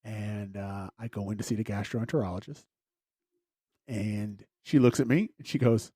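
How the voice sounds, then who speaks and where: A man's voice: fairly low pitch, steady tone, moderate pace, mellow, slightly rough, dry recording. A man hosting a podcast, telling a personal story in a casual, rambling way with wry, self-deprecating humor. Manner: rambling, with frequent fillers and restarts. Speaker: podcast host.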